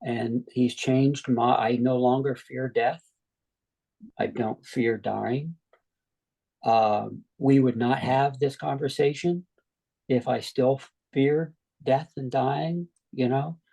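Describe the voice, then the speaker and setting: A middle-aged man, a guest on an interview show, telling his near-death story in a relaxed way, with frequent "you know" asides. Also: medium pitch, slow, gravelly, low-quality recording.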